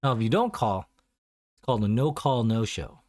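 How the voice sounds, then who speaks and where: A man's voice: mid-range voice, animated, normal speed, darkish tone, no echo. Man, podcast co-host, casual chat, rambling storyteller, dry close sound. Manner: rambling storyteller, acts out callers in a raised voice.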